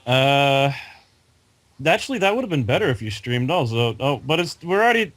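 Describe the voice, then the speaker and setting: A man co-hosting a casual gaming podcast over a voice call, talking in a relaxed, rambling, hesitant way. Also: medium pitch, normal speed, no room sound. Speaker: podcast co-host running the stream.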